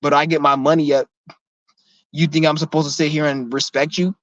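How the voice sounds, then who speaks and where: A vlogger with a slightly high voice speaks a little fast and flatly in a heated, confrontational rant to camera. He's blunt and profane, repeating himself and restarting sentences often, and the recording is dull, lo-fi and dry with no room sound.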